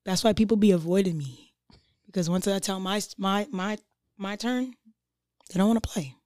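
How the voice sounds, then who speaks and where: A woman's voice: medium pitch, moderate pace, darkish tone, dry recording, clean studio sound. Blunt, passionate young woman. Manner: blunt, passionate, slangy, swears. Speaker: guest artist. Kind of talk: casual podcast chat.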